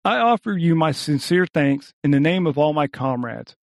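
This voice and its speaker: A man's voice: on the high side, expressive, creaky, dry recording, clean studio sound. Man reading a suave thief spokesman. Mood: indignant. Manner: elegant, courteous, measured speech. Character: suave, cunning male thief spokesman, polished orator. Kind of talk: audiobook reading.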